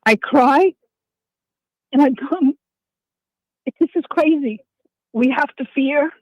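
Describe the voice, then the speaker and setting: A woman's voice: sits high, measured pace, a little mellow, no echo, muffled recording. A woman in her sixties calling in to a talk show, emotional and tearful as she speaks. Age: 60s. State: crying. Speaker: caller. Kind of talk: call-in radio chat.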